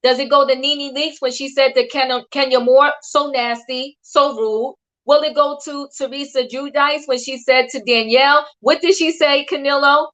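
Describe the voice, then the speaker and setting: An older woman hosting a casual livestream, chatting in an animated way and acting out quotes she repeats. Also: sits high, normal speed, few pauses. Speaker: host. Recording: dull lo-fi stream audio.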